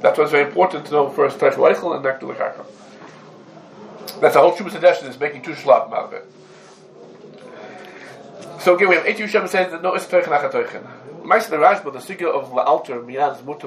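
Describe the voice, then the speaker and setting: On a rough recording with a little hiss or hum, a man whose voice sits on the high side leads a Talmudic law class. He sets out cases for students with rhetorical questions, weaving Hebrew terms into his English.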